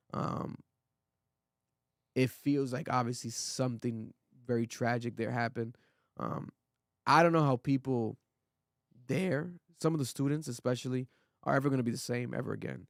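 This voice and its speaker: A man's voice: mid-range voice, moderate pace, gravelly, long pauses, no echo, studio quality. A man from Rhode Island hosting a podcast, earnest and rambling with many fillers, losing his voice. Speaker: podcast host. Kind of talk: casual podcast chat.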